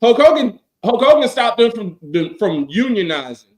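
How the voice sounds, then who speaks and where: A man co-hosting a casual podcast chat, talking in animated, profane rants and quoting people in mock voices. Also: extremely high pitch, moderate pace. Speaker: podcast co-host.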